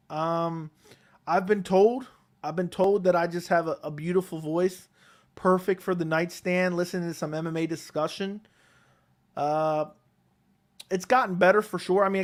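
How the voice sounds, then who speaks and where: A casual at-home MMA live stream features a Connecticut host reading chat close to his desk mic. He takes viewers' questions individually, relaxed and rambling, with a voice slightly higher than most men's.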